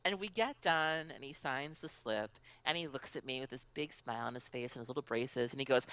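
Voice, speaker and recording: A woman guest on a podcast telling stories in casual chat, animated and acting out other people's voices. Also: very deep voice, fairly quick, few pauses, clear, resonant tone.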